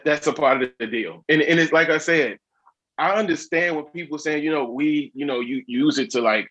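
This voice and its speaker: A man's voice: fairly high pitch, fairly bright tone, husky, lo-fi sound. A man talking in casual podcast chat, emphatic and sarcastic. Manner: emphatic, sarcastic, fast-flowing.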